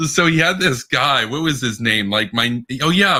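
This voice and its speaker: A man's voice: medium pitch, expressive, moderate pace, bright, forceful tone. A man co-hosting a casual political podcast, rambling with many restarts and bursts of laughter. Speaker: podcast co-host.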